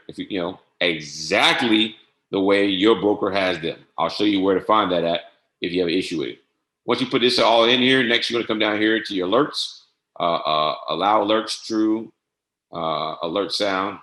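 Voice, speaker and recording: A man giving a casual screen-share tutorial on trading software, often saying "all right" and spelling codes out slowly. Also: on the low side. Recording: echoey room.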